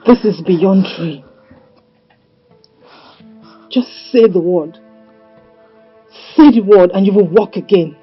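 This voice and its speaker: An actress playing a scheming spirit princess who coaxes and commands, her voice husky. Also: medium pitch, slow, long pauses. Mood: commanding. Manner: coaxing, then commanding. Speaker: actress in a drama series. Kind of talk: dramatic film acting. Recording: dull sound with faint music.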